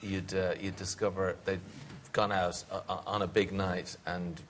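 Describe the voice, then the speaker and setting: A man, a guest musician on a chat show, answering hesitantly with many pauses and fillers. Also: sits low, level tone, a little hiss or hum.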